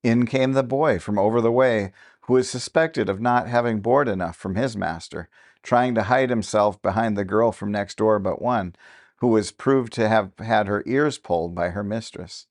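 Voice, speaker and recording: A man narrating a classic novel as an audiobook, with steady, even-paced storytelling. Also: on the low side, moderate pace.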